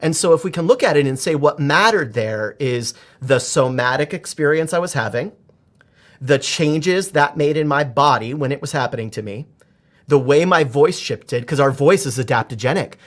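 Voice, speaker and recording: A man in his forties, a performance coach, talking as a podcast guest in an animated, expressive way with frequent restarts. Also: fairly high pitch, normal speed. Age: 40s. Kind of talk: conversational podcast interview.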